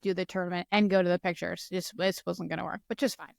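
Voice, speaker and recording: Middle-aged woman hosting a podcast, asks guiding questions, smooth voice, dry room. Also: lowish voice, fairly even intonation, fast, no room sound. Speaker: podcast host. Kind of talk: casual interview chat.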